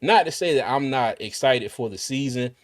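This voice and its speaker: A man's voice: medium pitch, expressive, normal speed, dry recording, clean studio sound. A man hosting a casual livestream, chatting and reading viewer comments aloud with frequent restarts. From Carolinas, US. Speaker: livestream host.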